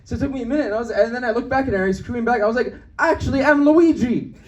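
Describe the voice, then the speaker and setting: Young man, stand-up comic, high voice, brash delivery, jumps between voices, club mic heard from a distance. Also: muffled recording, a little hiss or hum. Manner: brash, fast-shifting, acts out voices of people in his stories. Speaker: stand-up comedian. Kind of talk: stand-up comedy set. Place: comedy club with live audience.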